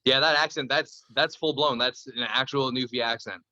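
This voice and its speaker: A man's voice: medium pitch, fairly even intonation, moderate pace, sharp tone, no room sound, highs cut off. A man from Canada chatting casually on a podcast, telling loose stories full of swearing. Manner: loose, profane storytelling. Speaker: podcast guest.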